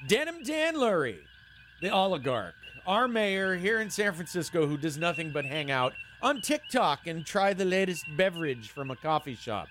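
High, lively ranting male radio host. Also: normal speed, faint music behind. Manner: heated, sarcastic, swears freely. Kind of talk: casual ranting monologue. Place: San Francisco.

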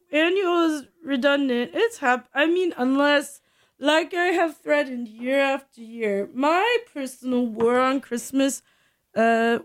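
A high-pitched woman hosts her show in a loose comic monologue. She rambles, mocks herself and keeps breaking into laughter, taking her time over every thought. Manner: rambling, self-mocking, laughing through lines. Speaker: show host. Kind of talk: comedic monologue.

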